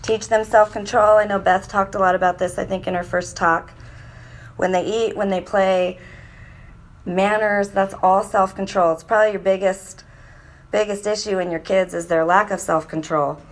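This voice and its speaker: Woman, parenting talk, live audience, lively delivery, slight gravel in the voice. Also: medium pitch, moderate pace. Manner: lively, mimics children's voices in quotes. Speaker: speaker at a parenting talk for mothers.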